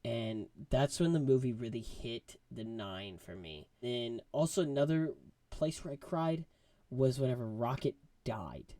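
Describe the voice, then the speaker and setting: A man giving a casual movie review, rambling and excitable, full of fillers. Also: medium pitch, unhurried, no room sound.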